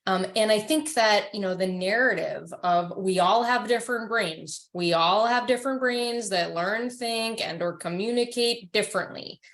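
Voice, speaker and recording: A woman's voice: mid-range voice, moderate pace, hardly any pauses, fairly bright tone. A woman speaking as a guest in a casual webinar conversation, earnest and affirming.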